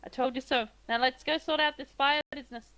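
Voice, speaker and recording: A woman's voice: sits high, fairly even intonation, fairly quick, sharp tone, voice pushed up. A woman voicing a smug male town guard with a dry manner.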